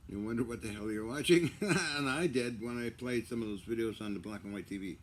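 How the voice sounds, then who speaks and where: A man's voice: mid-range voice, fairly quick, a little hiss or hum. A man rambling in a casual video monologue, joking about himself and laughing often. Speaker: vlogger.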